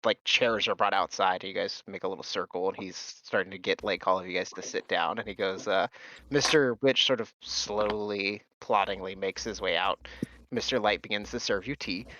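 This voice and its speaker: A man's voice: low voice, steady tone, moderate pace, bright, forceful tone, muffled recording. A man narrating as game master for a tabletop game, with a hesitant, filler-heavy delivery.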